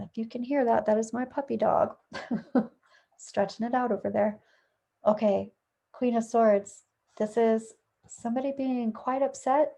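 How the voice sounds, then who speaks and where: A woman's voice: fairly high pitch, creaky, dark tone. A woman giving a casual, chatty tarot reading at home, thinking aloud and correcting herself as she goes. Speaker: tarot reader. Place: at home with a dog nearby.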